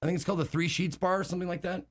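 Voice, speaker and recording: A man's voice: high voice, steady tone, rapid-fire. A man telling travel stories during a casual live stream, rambling with lots of fillers and casual swearing. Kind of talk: casual storytelling chat.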